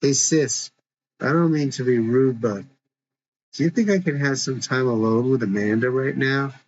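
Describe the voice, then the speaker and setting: A man's voice: mid-range voice, moderate pace, natural voice. A man reading as a laid-back protective teen boy. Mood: easygoing. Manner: casual, reassuring. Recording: dull lo-fi recording.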